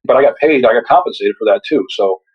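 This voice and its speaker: A man's voice: medium pitch, expressive, fast talker, slightly rough, dull audio. An older man, a guest on a podcast interview, speaking reflectively with hesitant restarts. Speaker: author and retired radiologist guest. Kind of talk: casual interview chat.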